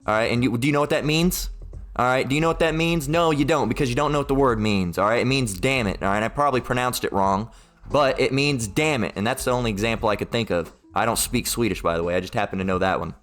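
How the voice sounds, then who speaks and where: A man delivering an informal, unscripted sermon-style rant at a middle pitch. He talks bluntly and swears freely, circling back on his points and checking in with listeners. He sometimes jumps up into squeaky mocking voices. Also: quick pace, fairly bright tone. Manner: blunt and profane, rambling, peppered with "all right?" and "okay?"; mocks opponents in raised put-on voices. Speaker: street-style preacher.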